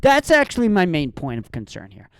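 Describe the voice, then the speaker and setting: A woman's voice: lowish voice, huge pitch swings, fairly quick, clear, resonant tone, no echo. A woman hosting a solo podcast, ranting in a heated, sarcastic and profane way. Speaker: podcast host.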